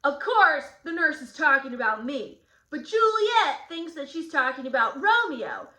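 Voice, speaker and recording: A woman teacher walks through a literature lesson, explaining the plot and acting out the quoted lines. Her voice is high and bright, and it rings in an echoey room.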